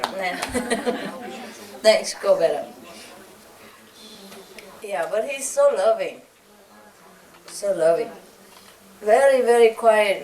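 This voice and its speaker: A woman's voice: mid-range voice, darkish tone. Fond, chuckling woman telling stories. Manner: chuckles often, playful and fond. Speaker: spiritual teacher speaking to a gathering. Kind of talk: casual anecdotal talk to an audience. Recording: roomy hall, distant mic, audience laughter. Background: audience laughter.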